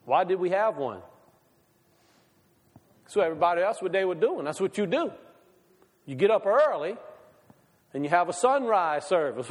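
Pastor guy preaching casual, keeps asking the crowd stuff, kinda high voice, big hall echo. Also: lively intonation, moderate pace, long pauses. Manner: conversational, asks the congregation many questions. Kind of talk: sermon.

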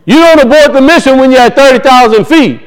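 High-pitched guy preaching, keeps hammering the same point, voice goes up and down. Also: fast, clear, resonant tone, poor audio. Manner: emphatic preaching, voice rising and falling, repeats phrases. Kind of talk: sermon.

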